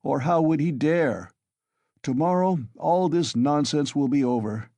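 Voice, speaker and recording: A man's voice: on the high side, measured pace, warm tone, no echo, pitched above the performer's own voice. A man doing a tipsy, blustering young friend. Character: tipsy, loud, loyal young male friend.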